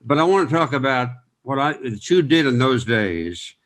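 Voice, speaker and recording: A man's voice: mid-range voice, sing-song, normal speed, a bit bright. A man hosting an interview, asking his guest questions in a friendly, encouraging way. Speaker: interview host. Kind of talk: conversational interview.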